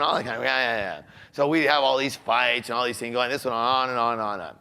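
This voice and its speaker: A man giving a talk at an average pitch. He keeps throwing questions out to his listeners and then answers them himself, and he moves easily into telling a story from his own life. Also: fast, vocal fry, hardly any pauses, bright, forceful tone, clear, resonant tone. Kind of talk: motivational talk with personal story.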